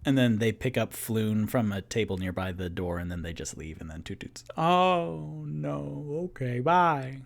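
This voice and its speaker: A man's voice: low-pitched, steady tone, brisk, hardly any pauses, darkish tone. A man casually narrating a solo tabletop game as game master, playful and chatty, laughing at his own rolls.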